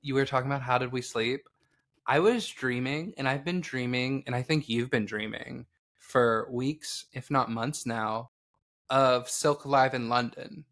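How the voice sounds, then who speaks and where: A man co-hosting a podcast in relaxed, casual chat. His pitch sits in the middle of the male range. He is campy and giggly and quick to toss in a joke. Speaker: podcast co-host.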